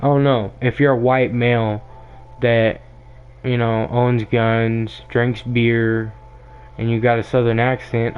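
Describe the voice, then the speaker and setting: A young man rants bluntly into the mic, hammering his points home and circling back over the same ideas. His voice sits at an ordinary middle pitch. The sound is thin and tinny, as if heard over a phone line. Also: little pitch movement, takes it slowly, clean tone. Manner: blunt, emphatic, ranting, repeats himself. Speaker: podcast host. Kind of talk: opinionated monologue.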